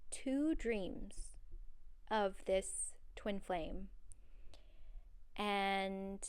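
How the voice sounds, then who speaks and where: A woman hosting a solo podcast, talking in an earnest, personal and rambling way with many fillers. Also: a little high. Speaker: podcast host. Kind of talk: solo podcast monologue on dreams.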